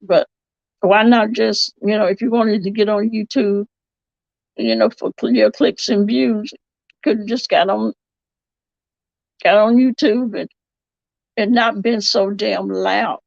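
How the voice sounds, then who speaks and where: A woman with a drawl talks slowly through a casual livestream, her voice gravelly with a lot of fry. She rambles and backtracks as she comments. The sound is dry and slightly dull, like lo-fi stream audio. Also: medium pitch, steady tone, no room sound. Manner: rambling, drawn-out, self-correcting. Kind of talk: casual live-chat commentary.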